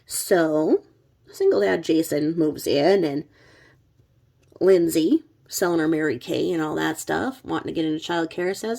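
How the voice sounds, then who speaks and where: A woman's voice: deep voice, measured pace, creaky, warm tone. A middle-aged woman telling a true crime story in a chatty, sarcastic vlog style with blunt asides. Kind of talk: casual vlog narration.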